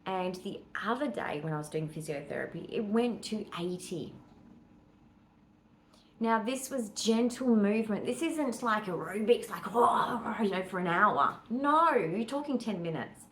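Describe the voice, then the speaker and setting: A woman's voice: medium pitch, expressive, normal speed, slight background noise, rough recording. Chatty Australian woman vlogging at home. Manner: chatty, rambling, with fillers and asides. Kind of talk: casual chat to camera. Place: at home, walking between rooms.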